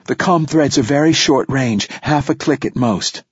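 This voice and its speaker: A man's voice: mid-range voice, moderate pace, husky, no room sound, highs cut off, pitched above the performer's own voice. A man voicing a strained young woman pilot. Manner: breathless, effortful delivery.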